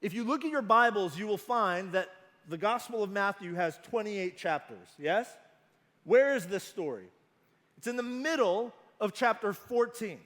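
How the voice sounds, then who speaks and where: Earnest high-voiced male pastor preaching. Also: lively intonation, a bit bright, big-room sound. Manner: earnest, emphatic, slows down on key phrases. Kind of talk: sermon.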